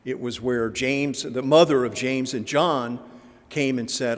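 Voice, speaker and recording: A man's voice: medium pitch, a little slow. A man in the middle of his voice range gives a Lenten talk in a church, the sound trailing off in a long reverb. He talks casually, with plenty of fillers, and slips into acting out gospel dialogue as he goes. The recording is a plain parish lecture. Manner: conversational, with filler words and acted-out gospel dialogue. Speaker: guest speaker.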